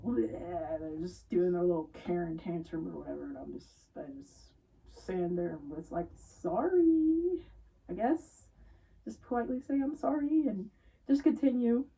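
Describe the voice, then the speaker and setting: A woman's voice: on the low side, distant mic, lo-fi sound. A young woman retail worker casually telling an exasperated story about rude customers. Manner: exasperated, animated retelling with quoted customers.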